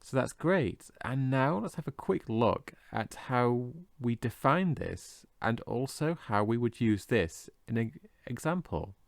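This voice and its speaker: A man teaching English vocabulary in a scripted lesson, slowly and carefully modelling how each word is pronounced. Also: medium pitch, animated, gravelly, no room sound, clean studio sound. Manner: slow, careful modelling of pronunciation.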